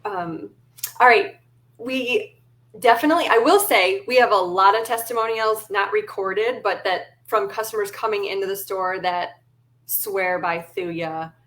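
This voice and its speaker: A woman interviewing a guest, speaking in a friendly, conversational way, often pausing with ums. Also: medium pitch, a bit bright. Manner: friendly, hesitant with many ums. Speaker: interviewer, store host.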